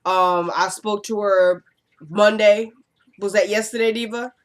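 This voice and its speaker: A woman casually recapping a TV episode for her channel, chatty and digressive, getting animated when she gives her opinions. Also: mid-range voice, measured pace. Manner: chatty and digressive, often says "you know what I'm saying".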